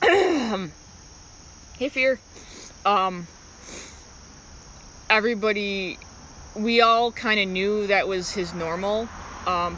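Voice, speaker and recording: A woman talks on a live stream in a bright, forward voice. Her casual chat rambles and halts, and she keeps breaking off to greet viewers by name. Faint crickets and passing cars can be heard behind her. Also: medium pitch, slight background noise, low-quality recording.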